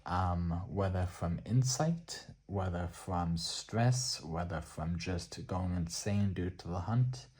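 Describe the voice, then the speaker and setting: Soft-spoken low-voiced Irish man. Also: slow pace, few pauses, slightly rough. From Ireland. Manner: soft-spoken, relaxed, hesitant with fillers. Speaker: art book channel host. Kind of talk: soft-spoken art book showcase.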